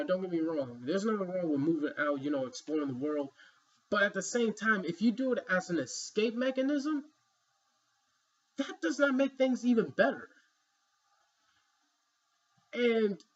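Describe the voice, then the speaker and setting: A man talks through his opinions in a loose, emphatic vlog monologue, leaning on "you know" as he goes. His voice sits a little high and has a husky edge. The recording sounds dull and lo-fi. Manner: rambling, emphatic, many "you know" fillers. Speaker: vlogger. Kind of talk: opinion commentary.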